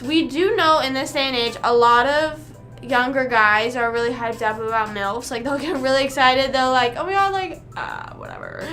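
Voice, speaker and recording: A woman's voice: a little high, bright, forceful tone. A young woman livestreaming, rambling casually with lots of "like" fillers as she chats to her viewers. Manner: rambling, chatty, full of "like" fillers.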